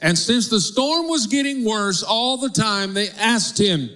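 A man's voice: high-pitched, expressive, unhurried, bright, forceful tone. A male pastor preaching a sermon, calling on the congregation to respond. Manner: preaching with audience call-and-response.

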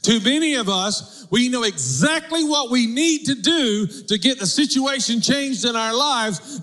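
A man's voice: extremely high pitch, animated, unhurried, hardly any pauses, pushed and bright. A male pastor preaching a sermon, calling on the congregation to respond. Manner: preaching with audience call-and-response.

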